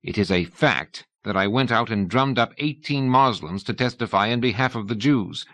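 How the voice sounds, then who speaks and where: Man voicing a defiant male explorer, declamatory, low voice, dry studio sound. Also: normal speed, fairly bright tone, dry recording. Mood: indignant. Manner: indignant, declamatory. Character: defiant proud male explorer defending his record.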